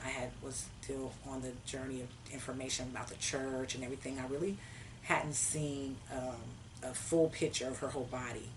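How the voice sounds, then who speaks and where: A woman telling a personal story in a casual, animated way, acting out her own past conversations. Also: rumbling low, a little fast, distant mic, background noise.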